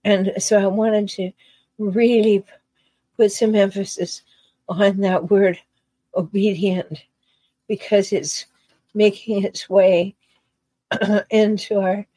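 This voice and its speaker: A woman's voice: mid-range voice, little pitch movement, dark tone, breathy edge, dry recording, poor audio. A woman giving earnest relationship advice, talking unhurriedly and repeating key phrases for emphasis. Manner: unhurried with deliberate pauses. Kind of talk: solo advice talk.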